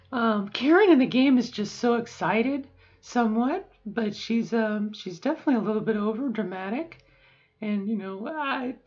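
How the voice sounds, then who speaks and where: A woman's voice: on the high side, a little mellow, husky, lo-fi sound. A middle-aged woman talking frankly and emotionally in a rambling personal video diary, swearing now and then. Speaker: vlogger.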